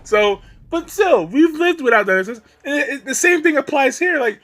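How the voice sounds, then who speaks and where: A man's voice: extremely high pitch, lively intonation, normal speed, fairly bright tone. A man giving ranting video commentary, exasperated and profane, breaking into laughs between points.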